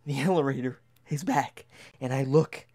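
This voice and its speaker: A man telling a comic, mock-terrifying story from his past, dropping to whispers and then rising into loud, frantic bursts. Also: mid-range voice, moderate pace. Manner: dramatic, dropping to whispers and rising to near shouts.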